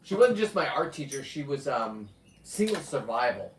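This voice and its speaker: A man in his fifties talking casually on a live stream, rambling with loud outbursts and frequent swearing. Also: medium pitch, big pitch swings, normal speed, background noise. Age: 50s. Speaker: livestreamer reading viewer comments. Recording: echoey, distant from the mic.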